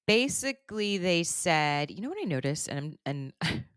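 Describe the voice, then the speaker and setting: A woman's voice: sits low, sing-song, normal speed, clean tone, dry recording, clean studio sound. A woman hosting a podcast, talking in a candid, rambling way full of "like" and "basically". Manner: rambling, candid, heavy use of fillers like "like" and "basically". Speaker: podcast host. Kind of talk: casual chat.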